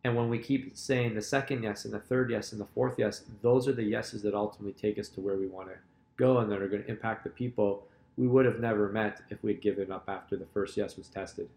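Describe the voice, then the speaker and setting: A man's voice: lowish voice, steady tone, quick pace, darkish tone. A man hosting a podcast, speaking earnestly and reflectively in casual conversation. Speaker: podcast host. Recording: roomy echo.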